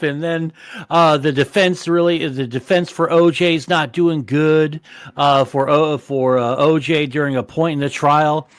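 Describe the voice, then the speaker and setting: A man's voice: on the high side, fairly even intonation, unhurried, clear, resonant tone, no room sound. A man hosting a casual podcast chat, rambling and swearing constantly. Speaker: podcast host.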